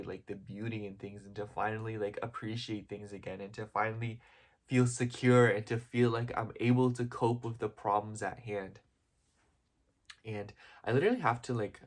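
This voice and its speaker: A man's voice: on the low side, a little mellow. A young man talking in a casual, heartfelt vlog, rambling with constant "like" and "you know" and openly emotional and gushing. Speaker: vlogger.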